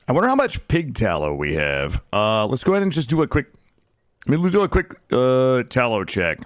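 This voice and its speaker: Young man, gameplay commentary, animated pitch, dry studio mic, casual, cursing. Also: normal speed, dry recording. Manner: animated, swearing, chatting to viewers. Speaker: streamer. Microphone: studio desk mic.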